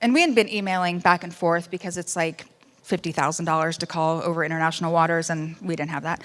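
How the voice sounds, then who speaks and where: A woman giving a personal testimony speech, wry at times, shifting between loud outbursts and hushed, quiet moments. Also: fairly low pitch, steady tone, fast. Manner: wry humor amid serious story. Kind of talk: emotional first-person storytelling speech.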